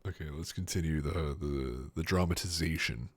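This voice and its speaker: Brief: deep-voiced guy reading a novel live, unhurried, jokey asides on a desk mic. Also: husky. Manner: slow reading broken by joking asides. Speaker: streamer. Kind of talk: casual storybook reading on stream.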